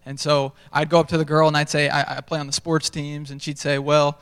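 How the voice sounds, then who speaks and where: A man's voice: on the high side, level tone, a little fast, fairly bright tone, clean tone. A young man preaching a sermon, telling self-deprecating stories in a conversational way. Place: large church stage. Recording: sermon in a reverberant hall.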